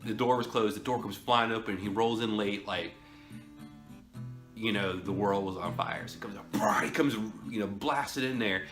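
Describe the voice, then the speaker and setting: A man's voice: fairly low pitch, moderate pace, fairly bright tone. A man telling a story in a casual, rambling way, often chuckling. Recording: roomy echo, faint music.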